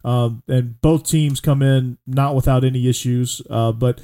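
Brief: male sports talk host from Georgia, mellow warm tone, relaxed, steering the conversation. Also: medium pitch, measured pace. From Atlanta area, Georgia.

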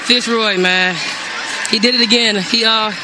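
A woman's voice: on the high side, steady tone, a little slow, noisy background. Breathless young woman in a postgame interview. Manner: emotional, breathless, laughing through words. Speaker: college basketball player.

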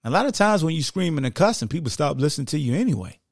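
A man hosts a sports podcast in an unscripted, casual monologue, drawling emphatic points with plenty of "like" and "y'all." His voice has a gravelly edge. He's recorded up close in a dead, dry room. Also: a little high, big pitch swings, racing, no echo. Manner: conversational, emphatic, heavy use of "like" and "y'all".

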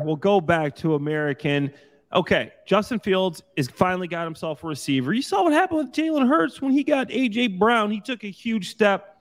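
A former pro football player talks on a sports panel in a slightly higher voice. He makes his picks with energy and confidence and talks them up quickly. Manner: enthusiastic, rapid picks. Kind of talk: casual sports talk.

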